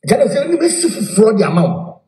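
Animated Ghanaian man, echoey room. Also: high-pitched, fairly quick. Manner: animated, repeats phrases, mixes in English. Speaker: self-styled spiritual leader. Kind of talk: heated live address.

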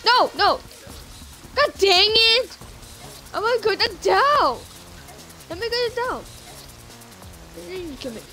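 A woman's voice: extremely high pitch, animated, slow pace, pauses often, sharp tone, soft background music. A woman streaming a game live, talking to herself and viewers with exclamations and pleading at the game. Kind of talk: live gameplay commentary.

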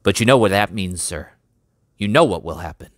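A man's voice: low-pitched, lively intonation, fairly quick, no room sound, studio quality. A man voicing an indignant army sergeant who protests barely politely, in a storybook reading. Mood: protesting.

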